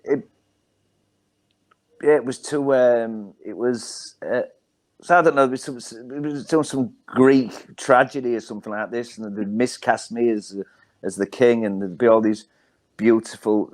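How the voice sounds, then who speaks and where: In a casual storytelling mood, a middle-aged guest comedian with a Hull accent meanders through wry anecdotes, saying um a lot. He's from Hull, England, and talks in a mid-range voice at a moderate pace.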